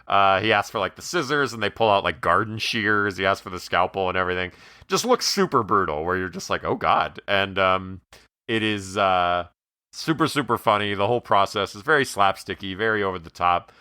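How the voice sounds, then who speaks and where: A man's voice: sits low, expressive, a little fast, sharp tone, clear, resonant tone, no room sound, clean studio sound. A man co-hosting a movie podcast, casually and enthusiastically retelling a favorite scene and laughing along. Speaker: podcast co-host. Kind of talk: casual movie review chat.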